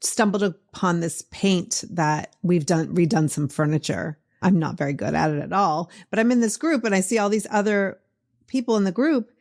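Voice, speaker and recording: A woman's voice: on the low side, normal speed, darkish tone. Chatty encouraging Boston woman host. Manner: chatty, encouraging, lots of "like" and "you know". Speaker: podcast host. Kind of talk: casual interview chat.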